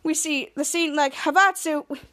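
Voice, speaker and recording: A young woman hosting a podcast, excitedly recapping a TV episode and acting out the characters' lines in playful voices. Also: high voice, normal speed. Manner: excited, rambling, acts out quotes in playful voices. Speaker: podcast host.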